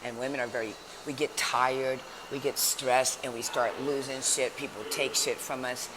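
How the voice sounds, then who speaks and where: A woman motivational speaker talking casually to her viewers in a lively, chatty storytelling way, recorded indoors at a shelter. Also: very deep voice, normal speed. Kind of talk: casual vlog talk. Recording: noisy background.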